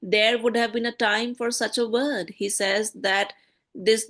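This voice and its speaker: A woman explains a play line by line as a literature teacher, often checking in with "okay?" and mixing in Hindi. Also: medium pitch.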